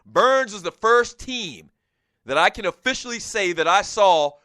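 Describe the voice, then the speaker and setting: A man in his forties with a Geechee accent from the South Carolina Lowcountry, hosting a sports talk radio show and telling a lively story about high school football. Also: unhurried, no echo, studio quality. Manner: storytelling, animated, laughs and raises voice at the big moments.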